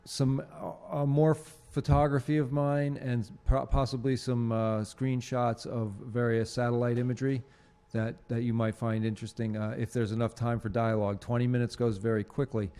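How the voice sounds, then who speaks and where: A man hosting a local TV show from a studio, talking off the cuff in a halting, rambling way with lots of fillers and restarts. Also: medium pitch, level tone, dark tone. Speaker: host of a local cable show. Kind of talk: unscripted studio monologue. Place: TV studio with green screen.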